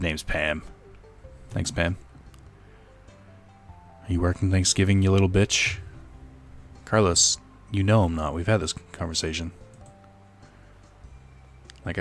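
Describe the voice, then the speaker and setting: A young man giving casual let's-play commentary, rambling and joking with profane asides. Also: sits low. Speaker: gaming streamer.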